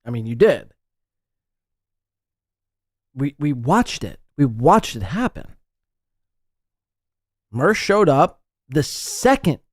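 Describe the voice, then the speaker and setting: Podcast host, male, mocking ranter, lively and dry. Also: fairly high pitch, takes it slowly, pauses often, dry recording. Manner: mocking, ranting, animated impressions. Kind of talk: casual commentary over a group call.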